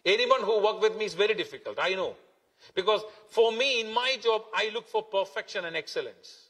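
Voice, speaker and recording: A man's voice: sits high, expressive, fairly quick, fairly bright tone. A man preaching a sermon as pastor, emphatic and repetitive, stretching key words. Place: church hall. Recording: long hall reverb.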